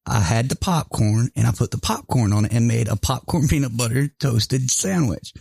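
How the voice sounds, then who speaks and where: A man's voice: mid-range voice, lively intonation, moderate pace, creaky, a little mellow, breathy edge, no echo, clean studio sound. Profane, laughing man telling stories. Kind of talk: casual chat.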